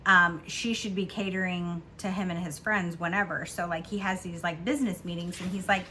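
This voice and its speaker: A woman chatting casually from home about a book she read, giggling often and filling pauses with ums and likes. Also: on the low side, steady tone, sharp tone, a little hiss or hum. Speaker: book vlogger. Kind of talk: casual book review chat.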